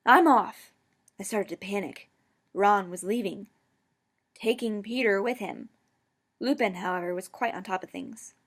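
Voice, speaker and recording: A woman reads her own story aloud in an even, middling voice. She stumbles over words and corrects herself as she goes. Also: mid-range voice, normal speed, long pauses. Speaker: fan fiction reader.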